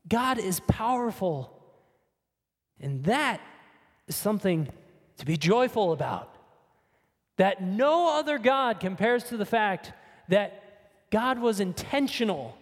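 A man delivers a sermon with earnest, emphatic conviction, pressing his point through rhetorical questions. His voice sits high for a man. A long reverb trails each phrase, as in a large hall. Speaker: preacher.

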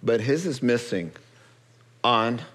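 Male preacher, unhurried sermon delivery, playful asides, acts out characters. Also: medium pitch. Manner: lively storytelling, acts out characters with asides and humor.

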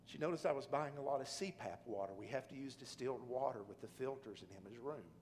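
A middle-aged man preaching a sermon, telling a personal story that drops quiet and low, then rises to loud, emphatic pleading. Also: lively intonation, a little fast, a little hiss or hum. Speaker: pastor.

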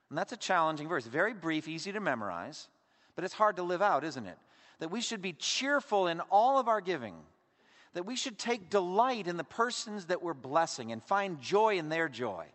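Male pastor, lively sermon delivery, slightly high voice, emphatic then hushed, long hall reverb. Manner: expressive preaching, swinging between emphatic and hushed.

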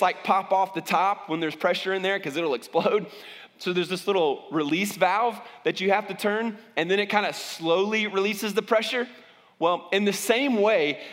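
A man's voice: high-pitched, a bit bright, big-room sound. A man preaching as a pastor, talking conversationally and often restarting his sentences. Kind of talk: sermon.

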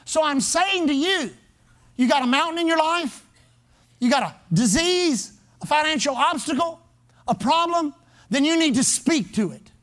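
A man with a strikingly high voice preaches a sermon. He pounds his points with repeated phrases in a steady pulpit cadence. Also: moderate pace. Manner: emphatic, repetitive preaching cadence. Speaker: pastor.

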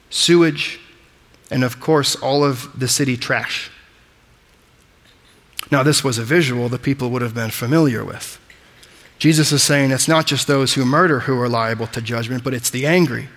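A man's voice: mid-range voice, a bit bright, long reverb tail. A man preaching a sermon with emphatic delivery, explaining scripture word by word. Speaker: pastor.

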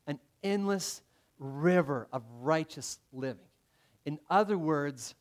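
A middle-aged man preaching a sermon in a conversational way, often restarting his phrases and acting out the voices he quotes. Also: fairly high pitch. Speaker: pastor.

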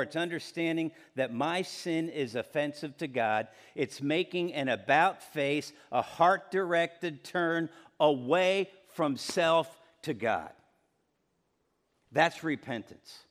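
Speaking a little high, a middle-aged male pastor delivers his sermon in a conversational style. He frequently asks the congregation questions.

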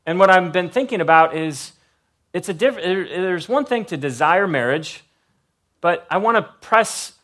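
A man's voice: high-pitched, lively intonation, measured pace, fairly bright tone. A man preaching a conversational sermon in a loose, rambling way, with lots of "like" and restarts. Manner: casual, rambling, peppered with "like". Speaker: pastor.

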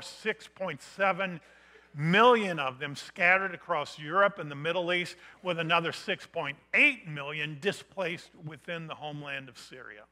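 Bright-voiced emphatic male preacher. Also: fairly high pitch. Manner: emphatic, rising to loud declarations. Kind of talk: missions sermon.

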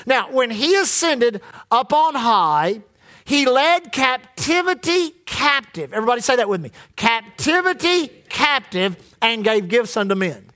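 A man's voice: very high voice, sing-song, measured pace, pushed and bright. A male pastor preaching a sermon in church, leading the congregation in call-and-response.

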